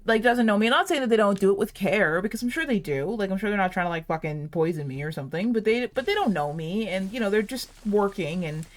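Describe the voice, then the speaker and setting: A woman's voice: mid-range voice, animated, fast talker, few pauses. A woman in her late twenties chatting casually over gameplay, rambling and giggly, saying "like" a lot. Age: late 20s. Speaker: gaming channel host.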